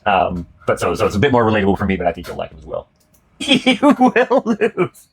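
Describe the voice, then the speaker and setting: A man's voice: low voice, racing, vocal fry. A man hosting casual chat about comedy clips, rambling with many restarts, swearing and laughing. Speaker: host reacting to comedy clips.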